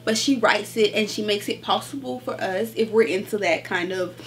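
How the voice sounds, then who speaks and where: A woman chatting casually about her book haul, animated and gushing, calling her viewers y'all. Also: mid-range voice, moderate pace, slight background noise. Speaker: book vlogger.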